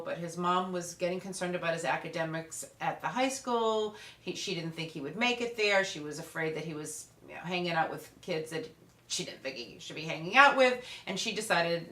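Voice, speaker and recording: Woman, parenting expert, lively storytelling talk, lowish voice, echoey room. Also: brisk.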